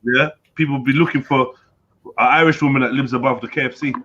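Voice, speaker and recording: A man's voice: medium pitch, steady tone, fast talker. A man hosting a live stream chat, joking around and bantering with guests. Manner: joking, banter-heavy, mimics voices loudly. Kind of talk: casual chat. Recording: dull lo-fi stream audio with faint noise.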